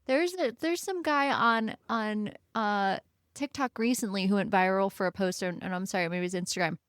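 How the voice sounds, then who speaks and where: A woman hosting a podcast in a casual chat, talking in an animated, rambling way. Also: medium pitch, normal speed, clear, resonant tone, no echo, studio quality. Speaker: podcast host.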